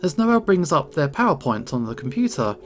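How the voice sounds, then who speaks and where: A man reading the narration of a visual novel aloud in a plain, steady way, with faint game music behind. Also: a little high, brisk. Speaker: gaming channel host.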